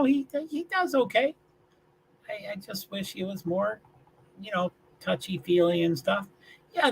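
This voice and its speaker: A man from Kentucky hosts a casual livestream from a small apartment. His voice sits high and sounds bright and forward. He rambles, stutters over his restarts and chuckles as he reads out chat. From Louisville, Kentucky. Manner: rambling, repeats words and restarts, chuckles often. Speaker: livestream host reading chat. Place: small one-bedroom apartment.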